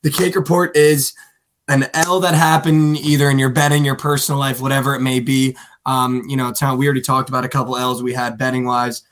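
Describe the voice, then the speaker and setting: A man's voice: medium pitch, flat delivery, fairly quick, a bit bright. A young man in his twenties co-hosting a sports betting podcast, telling stories in a rambling, casual way full of fillers. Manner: rambling storyteller, lots of "like" and "dude". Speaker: podcast co-host.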